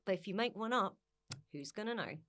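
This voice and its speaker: Brief: lively woman comedian, casual guest chat, swooping pitch. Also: a little fast. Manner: animated, laughs often, acts out quotes.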